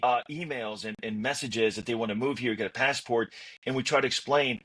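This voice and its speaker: Guest spot: American man, husky voice at middle pitch, loose and chatty. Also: fairly quick. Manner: relaxed and storytelling, many "uh"s and restarts. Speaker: podcast guest, speaker and game show host. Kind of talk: casual interview talk.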